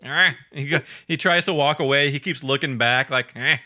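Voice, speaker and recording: A man in casual podcast chat who laughs often and jumps into squeaky voices when quoting. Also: brisk, bright, forceful tone. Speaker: podcast co-host. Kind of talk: casual chat reviewing a cartoon.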